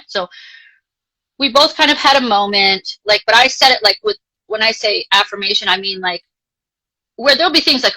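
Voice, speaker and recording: A woman life coach, a guest in a live interview, telling a personal story in a chatty, animated way, full of "like" and casual swearing. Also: medium pitch, moderate pace, long pauses, poor audio. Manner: chatty, animated, frequent filler "like", casually profane.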